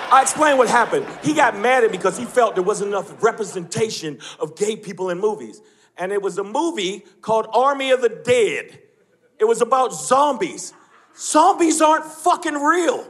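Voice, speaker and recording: A man's voice: high-pitched, fairly bright tone, slight background noise. A male stand-up comedian performing live on a club stage, brash and profane, needling the audience between jokes. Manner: brash, profane, confrontational with the crowd. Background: audience laughter and room ambience.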